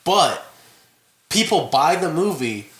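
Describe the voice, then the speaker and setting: A man's voice: on the high side, very animated, takes it slowly, background noise. A man co-hosting a podcast, chatting casually and joking with lots of filler words. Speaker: podcast co-host. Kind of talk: casual chat. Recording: echoey room.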